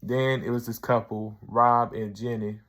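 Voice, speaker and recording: A man's voice: medium pitch, level tone, measured pace, fairly bright tone. A man reviewing a sketch show episode for his video channel, retelling it loosely with lots of "like" and "he's like".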